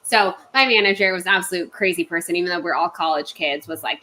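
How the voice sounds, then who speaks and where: Animated ranting woman, bright voice. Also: lowish voice, fast, few pauses, low-quality recording. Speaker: podcast co-host. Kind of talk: casual storytelling chat.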